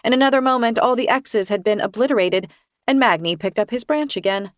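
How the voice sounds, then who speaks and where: A woman reading a first-person thriller aloud in an expressive, tense storytelling manner. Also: lowish voice, normal speed, no echo, clean studio sound. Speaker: audiobook narrator. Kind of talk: first-person novel narration.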